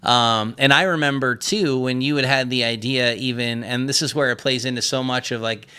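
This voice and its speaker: A man's voice: medium pitch, fairly even intonation, moderate pace, pushed and bright, clean tone. A man hosting a podcast in casual conversation, rambling and self-deprecating, often laughing at himself. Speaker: podcast host.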